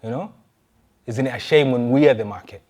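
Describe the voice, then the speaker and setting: Pastor guy preaching casually, lots of questions, stumbles and restarts mid sentence, mid pitch voice. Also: brisk, a little mellow. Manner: conversational preaching, rhetorical questions, frequent restarts. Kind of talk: sermon.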